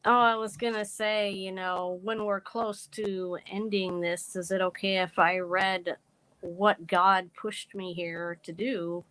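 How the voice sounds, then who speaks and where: A woman's voice: medium pitch, little pitch movement, takes it slowly, fairly bright tone, smooth, dry recording, rough recording. A woman speaking as a guest on a live podcast, rambling earnestly with frequent "like". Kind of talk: casual live podcast chat.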